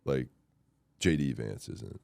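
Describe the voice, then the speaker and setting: A deep-voiced man co-hosting a podcast, trading sarcastic political banter with a deadpan delivery. He drops into low, mumbled asides. The recording is close and dry. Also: slow pace, vocal fry, dry recording. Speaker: podcast co-host.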